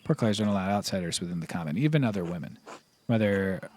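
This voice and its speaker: A man's voice: low voice, lively intonation, quick pace, darkish tone, slight background noise. A man reading aloud as a kindly but firm older nun in a game. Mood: measured. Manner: read aloud from on-screen game text.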